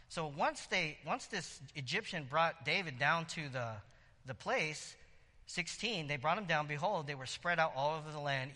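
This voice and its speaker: A man who serves as a church elder, preaching a sermon in a casual, lively way, with asides and jokes between readings. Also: on the high side, long reverb tail.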